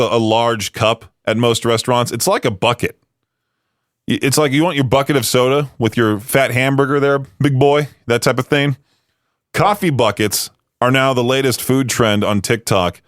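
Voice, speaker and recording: A man's voice: mid-range voice, fairly bright tone, no echo. A man hosting a radio show in a studio, chatting casually with lots of fillers and self-deprecating asides. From United States. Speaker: radio host.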